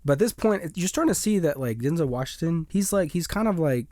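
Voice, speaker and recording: A young man casually recapping a movie, rambling and animated, acting out the characters' lines in passing. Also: on the high side, fast talker, few pauses, dry recording.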